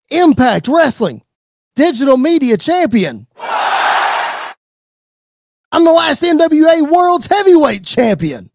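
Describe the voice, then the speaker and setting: A man putting on a boastful male wrestler who shouts and brags about his titles. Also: very high voice, background noise, voice pushed up, heavily acted.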